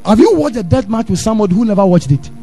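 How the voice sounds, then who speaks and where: A Ghanaian pastor preaching a sermon in church, animated, drifting into sing-song and acting out his stories. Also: high voice, very fast, faint music behind. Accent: Ghanaian English.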